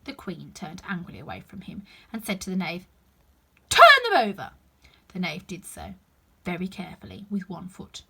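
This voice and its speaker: A woman reading a children's storybook aloud, dramatic, often slowing down and dropping to a hushed whisper. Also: on the low side, vocal fry, noisy background.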